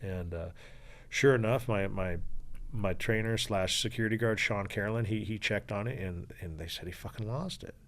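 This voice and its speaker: A man with a deep, low-pitched voice and a gravelly edge tells his story as a podcast guest. He talks in an animated, headlong way, curses freely, and slips into the voices of the people he is quoting. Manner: swearing freely, acting out quoted voices; animated, rushing through a story. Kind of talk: storytelling in an interview.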